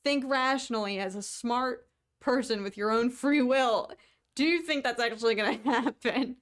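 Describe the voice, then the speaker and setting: A young woman from the United States, co-hosting a podcast, chatting casually to viewers with quick asides and frequent laughter. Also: on the high side, fairly bright tone. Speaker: podcast co-host. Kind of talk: casual solo chat to viewers.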